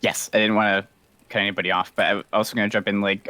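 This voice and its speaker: A man's voice: fairly low pitch, little pitch movement, fast, bright, forceful tone. A man playing a tabletop game, jumping in eagerly. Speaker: player. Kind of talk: casual tabletop play.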